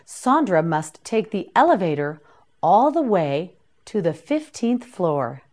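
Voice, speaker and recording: A woman teaching English vocabulary to beginners in a scripted lesson, saying each word slowly and carefully and repeating it for the listener to echo. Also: fairly low pitch, big pitch swings, darkish tone.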